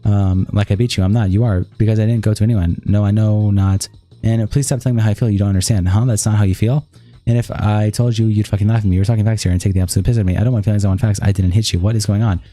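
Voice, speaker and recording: A man streaming, reading a long text-message exchange aloud in a rapid, flat read-through. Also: fairly low pitch, soft background music.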